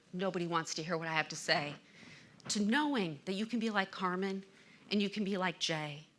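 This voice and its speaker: A woman's voice: mid-range voice, bright, forceful tone. A middle-aged woman giving an inspirational stage talk, telling stories dramatically with emphatic swells. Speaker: motivational speaker.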